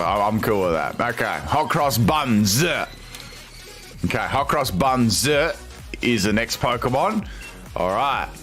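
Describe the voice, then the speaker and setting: Animated Australian man streaming. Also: medium pitch. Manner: amused, reads viewer suggestions aloud with incredulous reactions. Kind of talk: live stream commentary reading chat.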